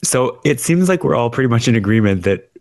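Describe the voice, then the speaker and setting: A man's voice: medium pitch, big pitch swings, brisk, a little mellow, no echo, studio quality. A man co-hosting a podcast in casual chat, joking and wry, steering the talk along. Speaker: podcast co-host.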